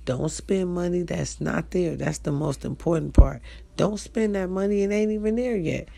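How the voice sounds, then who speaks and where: A middle-aged woman with an African American Vernacular English accent, telling a blunt, profane, animated story straight to her listeners. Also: fairly low pitch, moderate pace, vocal fry. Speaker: online talk show host. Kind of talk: casual storytelling monologue.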